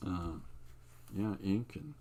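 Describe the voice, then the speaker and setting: An older man who hosts his own art channel, casually showing his pages in a relaxed, meandering, self-amused way. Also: low-pitched, slow, slight background noise. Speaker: artist and channel host. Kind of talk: casual show-and-tell livestream.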